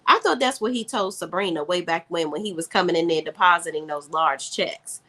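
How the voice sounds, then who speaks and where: Brisk and lowish, with a slightly bright tone, a woman who reviews TV shows gives a casual, opinionated recap of an episode. Her delivery is sassy, and she shifts into lines of dialogue as she quotes them.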